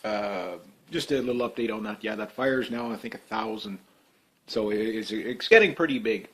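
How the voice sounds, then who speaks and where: A man's voice: fairly low pitch, moderate pace, low-quality recording. Rambling Canadian man vlogging. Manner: rambling, many fillers and restarts, trailing off quietly. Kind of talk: casual off-the-cuff commentary.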